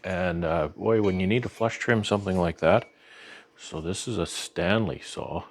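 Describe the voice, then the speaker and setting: A man's voice: low-pitched, moderate pace. A man with a Canadian accent hosting a beekeeping vlog, talking in an easygoing, rambling way with lots of fillers and restarts. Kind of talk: casual show-and-tell narration.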